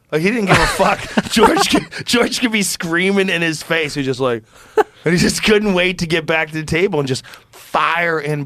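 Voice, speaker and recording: A middle-aged man hosting a podcast, telling an animated, profanity-laced story in casual conversation into a close studio microphone. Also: fairly high pitch, no room sound. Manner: animated, profane, acts out quotes. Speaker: podcast host.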